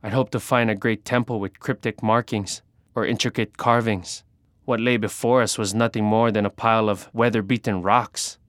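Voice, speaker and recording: A man narrating an adventure story in the first person, measured and dramatic. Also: fairly low pitch, fairly even intonation, fairly bright tone, no echo, clean studio sound.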